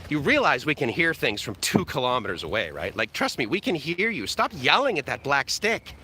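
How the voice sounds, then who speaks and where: A man's voice: medium pitch, huge pitch swings, brisk, sharp tone, a little hiss or hum. A man doing an exasperated talking dog. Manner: mock-exasperated, teasing. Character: sassy talking street dog, annoyed.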